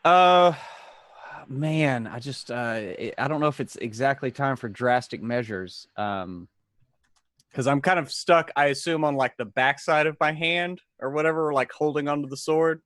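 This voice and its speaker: A man's voice: medium pitch, moderate pace, a bit bright, no room sound, clean studio sound. A man playing in a tabletop game, hesitant and thinking aloud with many fillers. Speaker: player. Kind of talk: casual tabletop play.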